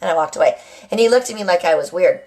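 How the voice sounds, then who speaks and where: A woman's voice: fairly low pitch, lively intonation, racing, a little mellow, slight background noise. A middle-aged woman at home, hosting a casual live chat to her viewers. She rambles and keeps asking "right?". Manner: chatty, rambling, often asks "right?". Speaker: live-stream host. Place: at home with a kitchen nearby.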